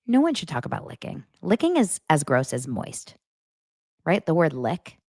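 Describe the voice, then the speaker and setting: A woman's voice: low voice, wildly swooping pitch, normal speed, a little mellow, husky, no room sound, studio quality. A young adult woman hosting a celebrity gossip show, talking in a gushing, dramatic way with exaggerated reactions. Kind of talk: casual gossip commentary.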